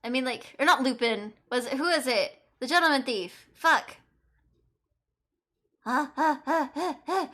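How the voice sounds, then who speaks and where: A woman's voice: sits high, measured pace, sharp tone. A woman streamer chatting casually and swearing as she plays through a game. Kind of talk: casual game playthrough chat.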